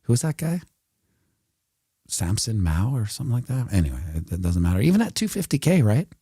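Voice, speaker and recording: A man's voice: fairly low pitch, big pitch swings, brisk, dark tone, breathy edge, no echo, studio quality. A man giving casual, rambling commentary over a price chart, joking and talking to himself as he works the screen. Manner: rambling, talks to himself while working a chart; joking asides and mild swearing. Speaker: video host.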